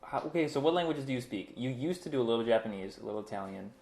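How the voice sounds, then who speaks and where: A man chats loosely, rambling through explanations and laughing along the way. His voice sits at an ordinary pitch. The room is echoey, and steady noise runs underneath. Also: very fast. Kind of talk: casual chat. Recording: roomy, noisy room.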